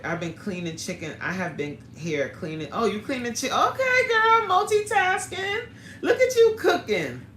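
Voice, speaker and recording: Woman coach hosting a chatty livestream, lively high swoops for emphasis, echoey room sound. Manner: animated, chatty, slangy, swings up high for emphasis. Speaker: fitness coach and channel host. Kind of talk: casual livestream chat with viewers.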